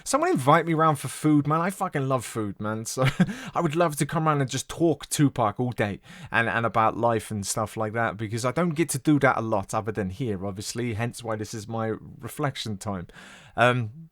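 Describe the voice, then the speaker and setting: A man's voice: mid-range voice, animated, moderate pace, a bit bright, dry recording. Candid swearing British man, dry sound. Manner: candid, swears freely, laughs often. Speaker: music reaction channel host. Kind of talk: casual reaction commentary.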